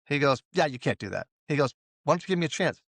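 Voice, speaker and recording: A man's voice: fairly high pitch, lively intonation, fast, vocal fry, a bit bright, no echo. Male guest, consultant type, chatty storyteller voice, dry studio. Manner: storytelling, acts out quoted dialogue. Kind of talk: casual interview talk.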